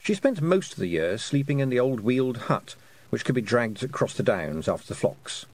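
A man narrating an audiobook in an expressive storytelling manner. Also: medium pitch, normal speed. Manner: expressive storytelling, voicing the characters. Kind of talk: scripted narration.

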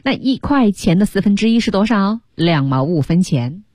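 A woman hosting a radio English lesson in a studio, explaining phrases with lively, drawn-out emphasis. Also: medium pitch, no room sound. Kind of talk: bilingual teaching commentary.

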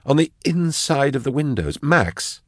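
A man's voice: medium pitch, very animated, measured pace, dry recording, studio quality, voice pushed up. A man narrating an audiobook, voicing a nervous male scholar who keeps asking anxious questions in a lifted tone. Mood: uneasy.

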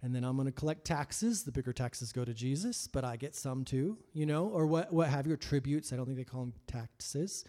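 A man preaching a sermon, acting out biblical figures in his own voice and moving between hushed asides and loud, emphatic lines. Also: mid-range voice, normal speed, hardly any pauses. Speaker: pastor.

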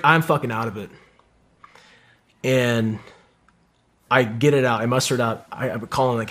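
A man's voice: medium pitch, normal speed, long pauses. A man who is a guest on a podcast, telling his own combat story in a casual, vivid way with plenty of swearing. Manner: heavy swearing, vivid and animated retelling.

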